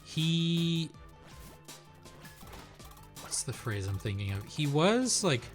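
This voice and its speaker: A man's voice: on the high side, big pitch swings, slow pace, faint music behind. A man streaming a video game, chatting casually about it with a lot of rambling. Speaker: let's play streamer. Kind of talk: casual chat over gameplay.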